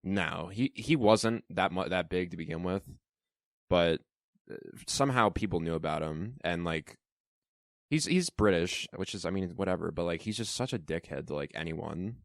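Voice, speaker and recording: A young man with a very deep voice co-hosts a podcast, explaining internet gossip and swearing casually. The recording is dry and close. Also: normal speed, no echo. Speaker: podcast co-host.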